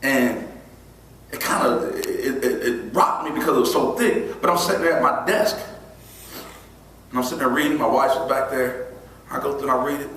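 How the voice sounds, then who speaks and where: Man, motivational speaker, storytelling, echoey hall, distant mic, faint room noise. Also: medium pitch. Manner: animated, breaks into laughter, imitates friends with quieter voice. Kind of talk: storytelling keynote speech. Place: large hall before an audience.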